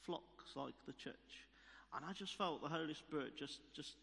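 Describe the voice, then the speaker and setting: Male preacher, slightly high-pitched, storytelling sermon in a reverberant church hall. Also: normal speed, creaky, sharp tone. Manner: storytelling, repeats key phrases for emphasis.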